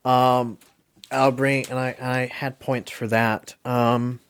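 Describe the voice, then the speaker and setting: A man hosting a casual podcast, animated, laughing often and swearing freely. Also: medium pitch, slow, clear, resonant tone. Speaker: podcast host.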